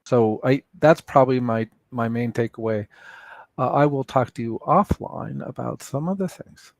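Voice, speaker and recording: A man answering as a panelist in a hesitant, halting way. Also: medium pitch, creaky, no echo.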